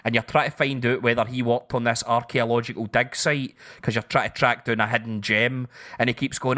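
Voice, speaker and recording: A man with a bright, forward voice at a middling pitch. He recounts things with lively, profane energy in relaxed chat. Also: fairly quick. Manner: sweary, animated storytelling. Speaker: podcast co-host. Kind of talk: casual chat.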